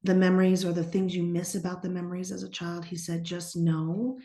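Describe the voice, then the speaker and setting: A middle-aged woman from the eastern United States, a psychic medium who talks bluntly and sassily and drops into hushed whispers when quoting others. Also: on the low side, flat delivery, fairly quick, roomy sound. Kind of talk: casual podcast conversation.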